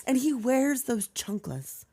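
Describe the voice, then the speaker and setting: A woman's voice: high-pitched, big pitch swings, takes it slowly, dark tone, slightly rough, dry recording, clean studio sound. A woman co-hosting a podcast, chatting casually about a sitcom, swearing freely and laughing often. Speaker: podcast co-host. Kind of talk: casual chat.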